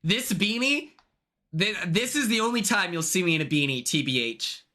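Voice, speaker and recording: A young man chatting casually on a live stream, excitable and chatty, greeting viewers by name from his home. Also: high-pitched, normal speed.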